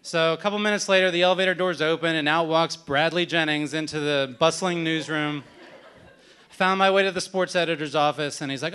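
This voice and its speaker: A man's voice: on the high side, fairly even intonation, a little fast, bright, forceful tone, clear, resonant tone. A man telling a wry, self-deprecating story at a live story event.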